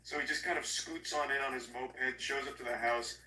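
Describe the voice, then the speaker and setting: A man recapping a horror movie in a casual, comedic, profane way, sarcastic and animated. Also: medium pitch, brisk, recorded from a distance, slight background noise. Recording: echoey room, voice off-mic.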